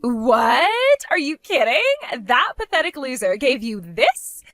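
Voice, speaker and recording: A woman's voice: high voice, sing-song, takes it slowly, fairly bright tone, dry recording, studio quality, heavily acted. A woman voicing a spoiled, bratty young woman who taunts her older sister in a mocking, sing-song way. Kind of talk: animated story voice acting.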